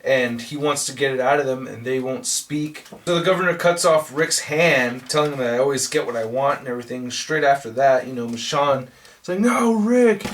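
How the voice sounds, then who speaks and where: Sex: man. Role: comic book reviewer. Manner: profane, rambling, excitable. Pitch: mid. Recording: voice set back from the mic. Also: distant mic, slight background noise.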